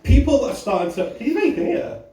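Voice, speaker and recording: A man's voice: extremely high pitch, sing-song, fast, background noise. A man doing a stand-up comedy set in a bar club, brash and sweary, working the crowd. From England. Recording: roomy club sound, audience laughter, mic at a distance. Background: audience laughing.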